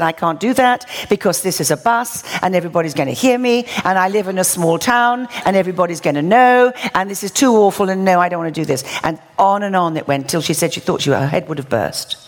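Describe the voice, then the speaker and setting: A woman preaching, telling a healing story with wry asides and rising, animated emphasis. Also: medium pitch. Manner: animated, wry, builds to exclamations. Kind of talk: sermon storytelling.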